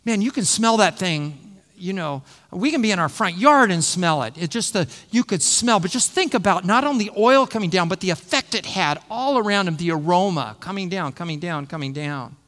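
A man's voice: high-pitched, animated, normal speed, hardly any pauses, a bit bright, in a large hall. A middle-aged man preaching an expository sermon, teaching and repeating phrases for emphasis. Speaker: pastor.

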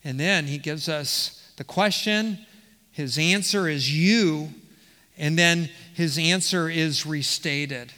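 High, bright-voiced man preaching in a hall. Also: slow. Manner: teaching verse by verse, reading quotes aloud, with repeated restarts. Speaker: pastor. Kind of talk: expository sermon. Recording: reverberant hall.

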